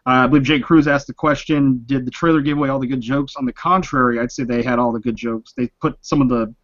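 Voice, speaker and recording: A man hosting a live stream chat, relaxed, speeding up when he explains. His voice is dry and close, with dull lo-fi sound. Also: mid-range voice, fast, dry recording. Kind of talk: casual chat.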